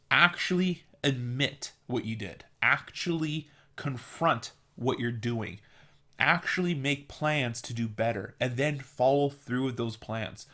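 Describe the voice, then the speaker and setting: A man's voice: mid-range voice, sharp tone. Earnest opinionated man vlogging. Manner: earnest and opinionated, with mocking put-on voices. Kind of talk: casual opinion monologue.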